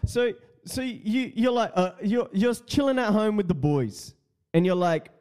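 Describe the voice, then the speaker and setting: A man hosts a casual podcast. His voice is slow, mellow and a touch high. He rambles excitably, full of slang and quick laughs. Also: smooth. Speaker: podcast host.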